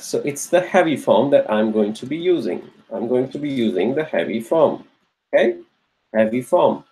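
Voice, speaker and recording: A man leads a live online grammar class, patiently repeating questions in an encouraging drill style and praising students by name when they answer. His voice is mid-range and slightly mellow, and the recording is rough.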